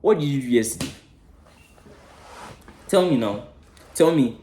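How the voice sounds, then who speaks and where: A man with a warm, mellow voice of middling pitch rants about football like a preacher, cursing freely and dropping from loud outbursts to near-whispers. The sound bounces around a roomy, echoey space. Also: animated, unhurried, long pauses. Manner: impassioned, preachy, swears freely, swings between loud and hushed. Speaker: football fan channel host. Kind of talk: passionate match-reaction rant.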